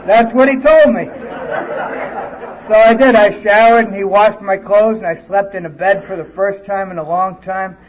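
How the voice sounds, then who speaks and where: Guy with a high voice telling his sobriety story, swears a lot, muffled old tape. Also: fairly even intonation, normal speed, a faint crowd. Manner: blunt, profane storytelling. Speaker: conference speaker. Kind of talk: recovery talk, personal story. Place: conference hall.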